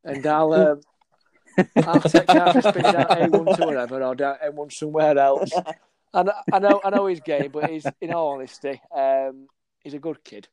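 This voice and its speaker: A man's voice: fairly high pitch, moderate pace. A man, a football scout chatting on a podcast, acting out dialogue and laughing as he tells stories. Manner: animated storyteller, acts out dialogue, laughs often. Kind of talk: casual podcast chat.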